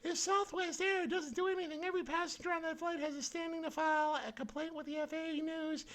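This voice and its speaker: A man putting on a high, prissy falsetto to mock a woman lecturing about rules. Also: little pitch movement, fast talker, fairly bright tone. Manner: sneering falsetto parody.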